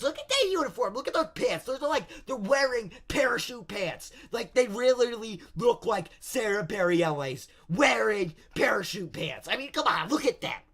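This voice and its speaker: A young man with a fairly high, slightly bright voice tells history as a crude, rambling comedy bit. He mocks and swears throughout this comic history explainer.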